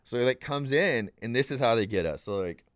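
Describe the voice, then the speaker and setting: A man's voice: mid-range voice, brisk, no echo, clean studio sound. A young man, a podcast guest, telling a story in a casual, rambling way, acting out the people in it and saying "dude" a lot. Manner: rambling and animated, acts out quoted voices, says "dude" often.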